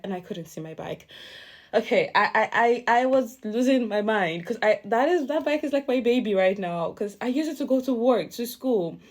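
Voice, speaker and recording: A young woman vlogger telling a casual storytime, chatty and animated, often breaking into laughter. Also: medium pitch.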